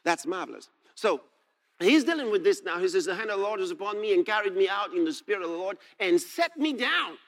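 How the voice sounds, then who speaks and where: A man preaching a sermon, moving from soft asides to shouted scripture readings and laughing as he reads. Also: sits high, quick pace.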